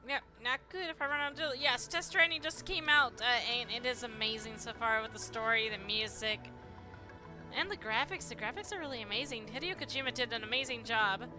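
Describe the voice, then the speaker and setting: A woman's voice: a little high, brisk. A woman streaming a game live, chatting with viewers and thanking them, stumbling as she reads aloud. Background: game music.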